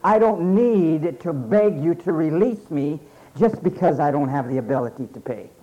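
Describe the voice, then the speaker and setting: A man preaching a sermon emphatically, repeating phrases and pausing for effect. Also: on the high side, expressive, dark tone. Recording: dull lo-fi sermon recording.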